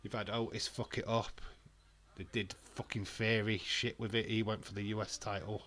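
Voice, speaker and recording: A man's voice: on the low side, little pitch movement, moderate pace, a bit bright. A man giving casual, blunt commentary as he watches along with an old wrestling event, ranting and swearing freely.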